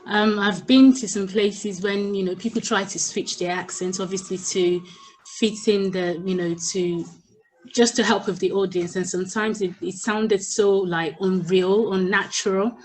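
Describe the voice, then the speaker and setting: A woman's voice: medium pitch, steady tone, unhurried, slight background noise, low-quality recording. Hesitant woman participant on a call. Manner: hesitant, many fillers like "you know". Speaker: workshop participant. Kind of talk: casual comment on a call.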